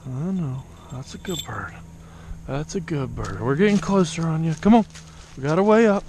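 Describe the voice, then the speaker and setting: A man narrating a casual vlog outdoors as a falconer, talking quietly and patiently and coaxing his bird between remarks. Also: fairly high pitch, lively intonation, moderate pace. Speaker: falconer training a hawk. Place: outdoors among trees.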